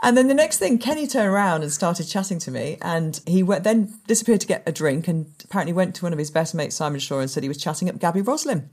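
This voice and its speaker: A woman's voice: lowish voice, fast talker, hardly any pauses. A woman in her forties, a sports presenter, chatting as a guest and animatedly telling stories. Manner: animated storyteller, acts out quoted voices. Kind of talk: casual interview chat.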